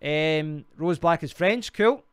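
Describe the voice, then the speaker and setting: A man's voice: on the high side, slow, clear, resonant tone, no echo, clean studio sound. A man with a Glaswegian Scottish accent, hosting a casual live stream and rambling through viewer comments. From Scotland. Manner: rambling, restarts often, chatty. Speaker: livestream host.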